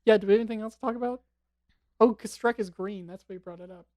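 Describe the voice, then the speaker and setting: A woman's voice: medium pitch, steady tone, fast talker, a little mellow, dry recording. A young woman co-hosting a movie podcast in casual chat, dropping playful joking asides. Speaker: podcast co-host.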